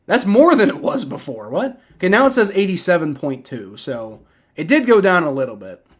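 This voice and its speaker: Excitable man calling a game, Southern accent. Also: high voice, normal speed, slightly rough. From Ohio. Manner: excitable, rambling, swears in frustration. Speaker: livestream sports reaction host. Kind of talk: live play-by-play reaction commentary.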